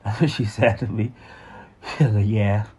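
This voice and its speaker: A man's voice: lowish voice, moderate pace, a little mellow, slightly rough. A man telling a candid personal story about his childhood, with frequent restarts and some swearing.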